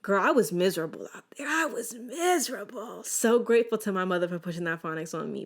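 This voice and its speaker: A young adult woman hosting a casual solo podcast, telling animated stories with lots of restarts. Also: mid-range voice, fairly quick. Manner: animated, chatty storytelling with many restarts. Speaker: podcast host.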